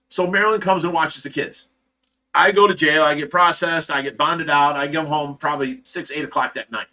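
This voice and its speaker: A middle-aged man from Ohio talks on a casual livestream, with a rather high voice and a bright, forceful edge. He tells his story in a candid, rambling way, often restarting his sentences. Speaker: livestream host.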